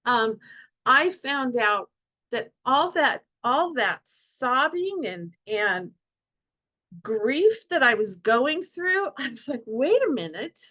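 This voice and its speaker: A middle-aged woman speaking passionately to an online support group, telling heartfelt personal stories with lively quoted asides. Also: sits high, slow.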